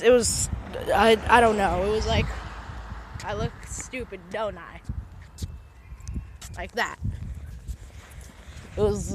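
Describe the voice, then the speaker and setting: A young woman with a medium-pitched voice records a phone vlog while out and about, against a noisy background. She rambles in a casual monologue, correcting herself and using plenty of filler words.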